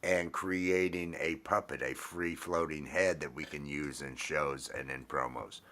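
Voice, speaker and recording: A man's voice: extremely low pitch, steady tone, unhurried, sharp tone. A man hosting a casual chat, talking in a rambling, affectionate way with many fillers and restarts. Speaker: host.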